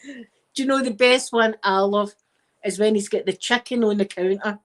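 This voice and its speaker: A middle-aged Scottish woman in soft-spoken casual chat, rambling warmly as an ASMR host. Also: mid-range voice, moderate pace. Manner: chatty and rambling, with frequent wee and laughter.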